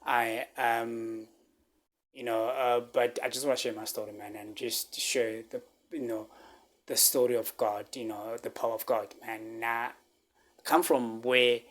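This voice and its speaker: A man telling a personal story on his vlog, halting and repeating himself, close to tears. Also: mid-range voice, little pitch movement. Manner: halting, repeats words, fillers like "man" and "right?". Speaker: vlogger.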